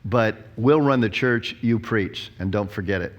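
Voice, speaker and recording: A man playing a bossy old church board chairman, low and gruff, blunt and commanding. He talks down to the listener, every word an order. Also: measured pace, natural voice. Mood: domineering.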